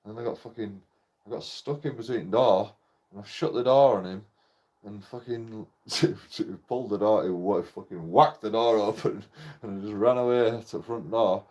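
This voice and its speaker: A man's voice: lowish voice, normal speed, darkish tone. Rambling, swearing young man. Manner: rambling, heavy swearing, nervous laughs between phrases. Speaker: channel host telling a personal story. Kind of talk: casual personal storytelling.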